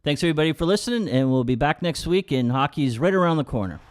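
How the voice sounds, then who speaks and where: Middle-aged man, podcast host, relaxed prompting style, casual chat. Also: a little high, fast, heavy background noise. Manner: easygoing, prompts the other speaker, trailing filler-heavy sentences.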